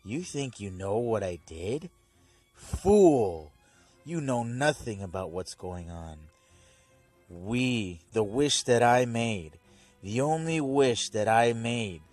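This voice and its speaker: A man's voice: mid-range voice, dry recording. A man voicing a smug, sinister male villain, gloating and taunting. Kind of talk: casual episode recap with voiced quotes.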